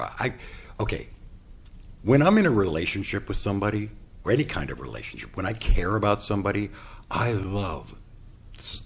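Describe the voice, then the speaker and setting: Very deep gravelly-voiced man telling a story. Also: a little hiss or hum. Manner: animated, acts out quoted dialogue. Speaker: podcast host. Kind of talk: personal storytelling monologue.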